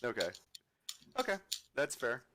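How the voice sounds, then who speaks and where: A man narrating as dungeon master, relaxed and hesitant with many fillers. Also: mid-range voice, a little slow, noisy background. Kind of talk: narrating a tabletop game.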